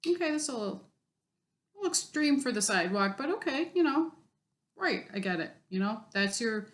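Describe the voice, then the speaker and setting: A woman's voice: fairly high pitch, lively intonation, fairly quick. A woman telling a story in a casual vlog, blunt and exasperated, swearing freely. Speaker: vlogger.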